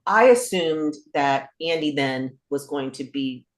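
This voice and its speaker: A woman's voice: low-pitched, expressive, takes it slowly, reverberant. A woman co-hosting a casual film discussion, explaining plot points at length and correcting herself as she goes. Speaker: podcast co-host.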